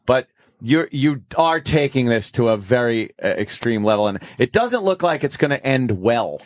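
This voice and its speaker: A middle-aged male radio host with a mid-pitched voice interviews his guest in a joking, enthusiastic way. He rambles a little with fillers, and the sound is dry and close. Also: very animated, normal speed, dry recording. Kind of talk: casual radio interview chat.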